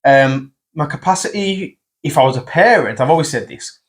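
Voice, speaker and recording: A man, hosting a casual podcast chat, blunt and quick to swear. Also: fairly high pitch, lively intonation. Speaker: podcast host. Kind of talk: casual conversation.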